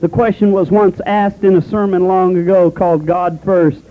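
A man's voice: high voice, little pitch movement, normal speed, few pauses, phone-quality sound. A man with a Southern American accent preaching a sermon in a folksy way, calling his listeners honey and firing off rhetorical questions.

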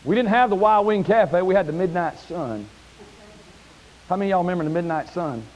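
A preacher man delivering a folksy sermon from the pulpit, his fairly high voice swinging up into loud, shouted peaks. There is a faint hiss under the recording. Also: expressive, a little fast, poor audio. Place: church sanctuary.

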